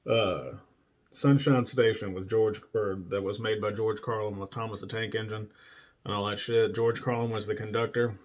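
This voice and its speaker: A man's voice: fairly low pitch, fairly even intonation, moderate pace. A man hosting a casual solo talk show, telling stories from his past bluntly and with lots of swearing, laughing at himself now and then. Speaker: podcast host.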